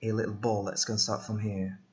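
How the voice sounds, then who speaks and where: A man casually talking through a software tutorial, thinking aloud with many ums and side jokes. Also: fairly low pitch, little pitch movement, fairly quick. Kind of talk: casual screen-recorded tutorial.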